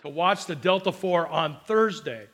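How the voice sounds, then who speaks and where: A middle-aged man preaching a sermon as pastor, chatty and storytelling with quick asides, slowing down and lifting his voice when he preaches scripture. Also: on the high side, expressive, a bit bright. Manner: slows and lifts voice to preach scripture.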